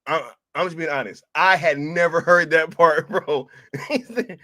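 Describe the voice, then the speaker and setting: A man's voice: a little high, a little slow, bright, forceful tone. A man streaming a reaction to a video, laughing hard and talking in loose, profane slang.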